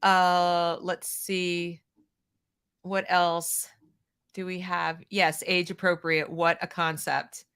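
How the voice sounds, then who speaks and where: A middle-aged American woman hosting an opinionated commentary show, talking in an animated, sarcastic way and reading out viewer comments. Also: lowish voice, slow, clean tone. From United States. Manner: animated, sarcastic, mimics people in mocking voices. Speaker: show host.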